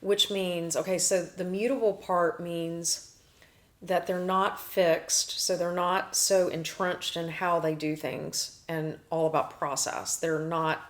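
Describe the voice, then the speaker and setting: A woman hosting a casual talk show, explaining ideas in lists with quick restarts. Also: lowish voice. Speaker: astrology show host.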